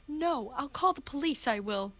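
A woman's voice: high-pitched, animated, moderate pace, a bit bright, slight background noise, voice pushed up. A woman reading the part of a defiant young flower girl with a Cockney accent, indignant and protesting. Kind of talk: amateur play reading.

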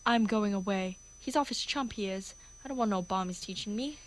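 A woman's voice: medium pitch, brisk, natural voice. A woman reading the part of a defiant young flower girl with a Cockney accent, indignant and protesting. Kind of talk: amateur play reading.

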